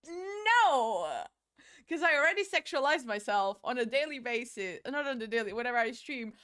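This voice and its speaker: Fast and forceful, her voice runs on the high side, bright, clear and resonant. The speaker is a young woman from Portugal with a Portuguese accent who rambles casually, swears a lot and bursts out playfully while applying makeup on stream.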